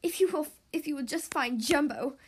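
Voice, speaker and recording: A woman voicing an anxious, excitable king in a storybook read-aloud, speaking in a raised, pleading, worried way. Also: high voice, normal speed, natural voice.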